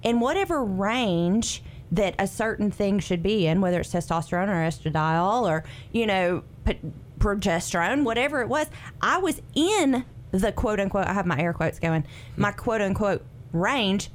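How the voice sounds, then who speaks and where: A woman's voice: mid-range voice, normal speed, a little hiss or hum. A woman, a radio co-host telling her own story in casual chat, acting out her quotes. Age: 40s. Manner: lively, animated, acts out her own quotes.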